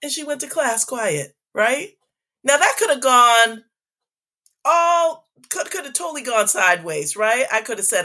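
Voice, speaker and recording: A woman's voice: fairly high pitch, unhurried. A middle-aged woman, a former school superintendent, telling stories in a casual interview and tagging her points with "right?". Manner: animated, frequent "right?" tags, acts out quoted voices.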